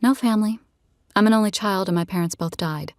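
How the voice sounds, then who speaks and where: A woman's voice: mid-range voice, brisk, dry recording, clean studio sound, natural voice. A woman voicing a guarded, competitive young woman with short, clipped replies, in an audiobook reading.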